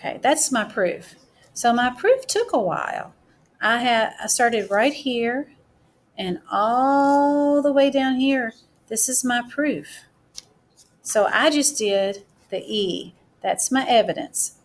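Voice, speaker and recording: A woman teacher giving a recorded writing mini-lesson, explaining step by step and slowing down to dictate as she writes. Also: fairly high pitch, expressive. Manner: slow, deliberate dictation while writing.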